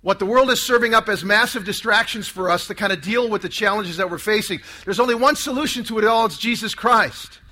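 Male preacher, very high and bright tone, emphatic sermon, call-and-response. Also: brisk, hardly any pauses.

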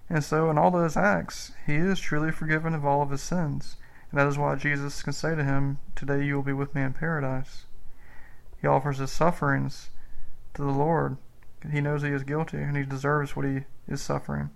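A man giving a slow, earnest spoken meditation on the rosary mysteries as a preacher. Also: a little high, flat delivery, gravelly, low-quality recording.

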